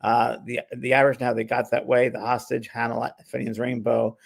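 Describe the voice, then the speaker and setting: The host, a medium, talks at a normal speed in a level, creaky voice of medium pitch. His casual chat on the spiritual talk show wanders somewhat, with many restarts and laughs mixed into his speech.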